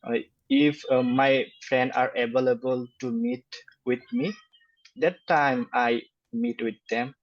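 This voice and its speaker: Young Bengali-native man in his twenties, halting exam answers at a crawl, dull low-fidelity recording. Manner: slow, hesitant, many fillers and flat syllable-timed delivery. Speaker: test candidate. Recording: dull lo-fi sound.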